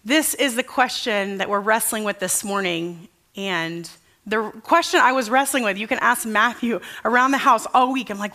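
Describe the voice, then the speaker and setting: Bright-voiced woman pastor preaching. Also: a little high, normal speed. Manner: earnest, casual, asks the congregation questions. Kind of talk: conversational sermon. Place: church service.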